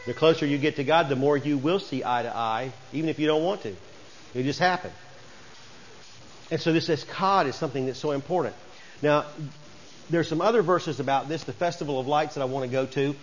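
A man's voice: fairly high pitch, brisk, muffled recording, a little hiss or hum. A man preaching a sermon as pastor, folksy and conversational, rising to emphatic bursts.

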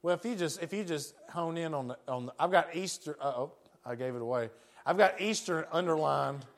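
High-voiced folksy Tennessee preacher. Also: male voice, brisk. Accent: West Tennessee. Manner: folksy, joking, laughs often. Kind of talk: sermon.

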